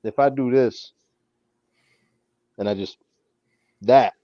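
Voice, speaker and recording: A man's voice: mid-range voice, takes it slowly, dry recording, highs cut off. A man telling profane stories from home in casual chat, now and then mimicking others in a raised voice. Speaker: co-host on comic unboxing stream.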